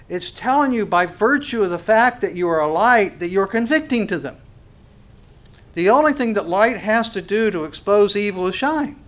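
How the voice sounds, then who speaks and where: A man preaching a sermon, swinging from hushed to loud and asking the congregation rhetorical questions. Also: high voice. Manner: acts out quoted voices. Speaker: pastor.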